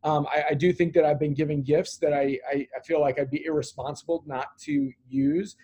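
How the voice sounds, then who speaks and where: Earnest man with a fairly high voice. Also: animated, brisk, dark tone, husky. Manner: earnest, many fillers and repeated words. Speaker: business owner and interview guest. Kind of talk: conversational interview answer.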